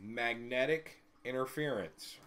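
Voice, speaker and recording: A man's voice: mid-range voice, slow pace, a bit bright. A man co-hosting a casual podcast chat, joking around and laughing often.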